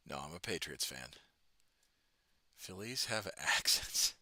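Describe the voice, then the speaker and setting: A man's voice: rumbling low, expressive, slow pace, long pauses, pushed and bright, no room sound. A man from Boston with a faint Boston accent, chatting casually and jokingly on his livestream, often stopping and restarting. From Boston, New England. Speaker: livestreamer painting miniatures.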